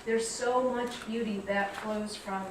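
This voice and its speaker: A woman giving a reflective public talk, telling stories in a measured way. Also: medium pitch, fairly even intonation, heavy reverb, far from the mic, background noise. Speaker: guest speaker. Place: lecture hall.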